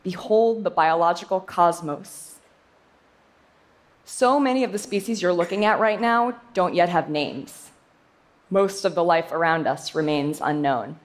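A young woman scientist delivers a prepared talk in a fairly low voice. She speaks with lively emphasis and slips in playful asides.

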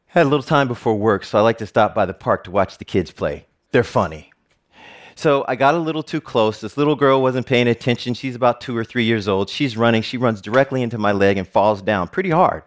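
Middle-aged male speaker, earnest storyteller with lively pitch and jokey asides. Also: moderate pace. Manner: animated, earnest, with joking asides. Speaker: speaker giving a talk. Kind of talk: personal storytelling talk.

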